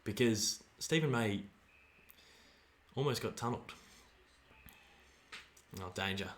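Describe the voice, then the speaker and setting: An Australian man giving live fan commentary on a football match, excitable, shouting player names and dropping to mutters. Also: on the low side, slow pace, pauses often, slight background noise. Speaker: fan streamer.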